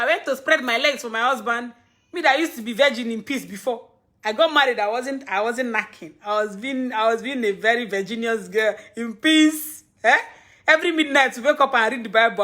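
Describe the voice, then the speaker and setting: A woman's voice: sits high, sharp tone. A young Nigerian woman hosting a casual live stream, rambling, laughing often and scolding her viewers.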